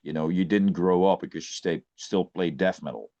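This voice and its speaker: A man's voice: low-pitched, moderate pace, warm tone. Man, podcast guest, death metal musician, blunt profane rant, muffled lo-fi audio. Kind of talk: casual podcast chat.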